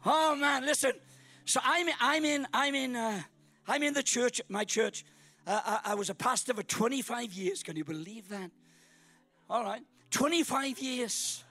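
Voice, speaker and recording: A middle-aged Welsh man from Wales preaching as a guest speaker at a church service, joking and bursting into shouts. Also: extremely high pitch, normal speed. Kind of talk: sermon.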